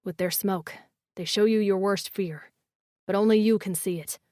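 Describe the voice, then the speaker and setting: A woman voicing a dangerous, protective male alien fire warrior in an audiobook, with a low, growling, hoarse voice. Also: fairly even intonation, moderate pace, mellow, dry recording, studio quality, natural voice. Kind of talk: audiobook character voice.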